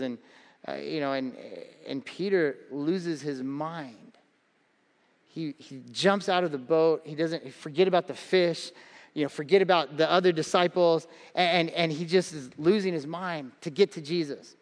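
A man's voice: on the high side, moderate pace, in a large hall. A man in his thirties preaching a sermon as pastor, telling stories with humor and acting out voices. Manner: animated storytelling with acted-out voices and humor.

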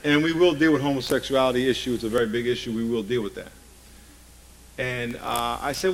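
A man's voice: mid-range voice, steady tone, a little fast, low-quality recording. A man preaching a sermon emphatically, often asking the congregation rhetorical questions.

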